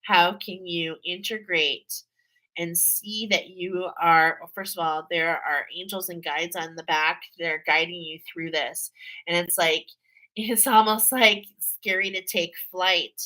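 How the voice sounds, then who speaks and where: A woman's voice: on the low side, steady tone, unhurried, pushed and bright, rough recording. A woman giving a casual spiritual tarot reading to her viewers, chatty and repetitive, often checking in with "okay?". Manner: chatty, repeats herself, frequent "okay?" and laughs. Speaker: tarot card reader.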